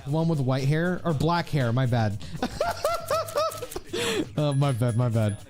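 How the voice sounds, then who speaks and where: A man's voice: mid-range voice, unhurried, loud music behind the voice. A young man from the Philippines chatting casually and rambling to his viewers while he streams a game. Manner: rambling, chatty, lots of fillers, laughs often. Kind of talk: casual live-stream chat while gaming.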